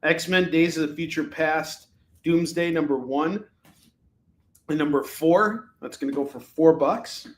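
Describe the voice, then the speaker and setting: A man's voice: a little high, unhurried. A man hosting a live comic-book sale stream, rambling and joking with lots of fillers from a room at home. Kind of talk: casual live-stream selling chat. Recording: echoey room.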